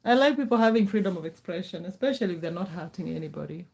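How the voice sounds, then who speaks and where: Woman from Kenya, middle-aged, casual live-stream chat, reassuring, mellow voice. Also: fairly low pitch, animated, fast, creaky. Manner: chatty, reassuring, repeats words.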